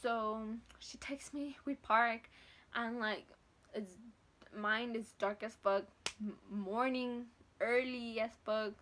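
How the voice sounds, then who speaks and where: A woman's voice: a little high, slow, a little hiss or hum. A young woman vlogger casually telling a long personal story, acting out the other voices and swearing freely. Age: young adult. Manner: animated, acts out voices, swears freely, mixes Spanish.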